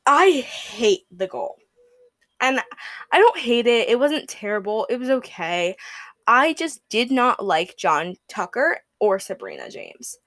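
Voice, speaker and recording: Young woman, casual podcast host, rambling and excited, fillers throughout, dry close sound. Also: on the high side, no room sound. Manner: gushing, rambling with many fillers and "like". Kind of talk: casual book review chat.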